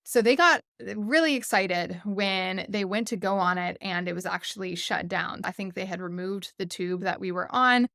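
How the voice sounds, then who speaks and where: A woman in her thirties hosting a podcast, telling a family story in a casual, animated way with frequent laughs and "like" fillers. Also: mid-range voice, normal speed, few pauses, no room sound, studio quality. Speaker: podcast host.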